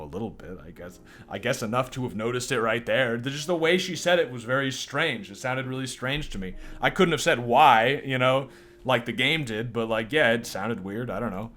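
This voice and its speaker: A man's voice: mid-range voice, moderate pace, fairly bright tone, soft background music. A man streaming a game, joking, swearing and laughing as he comments. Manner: joking, profane, laughs often. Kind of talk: casual live-stream commentary.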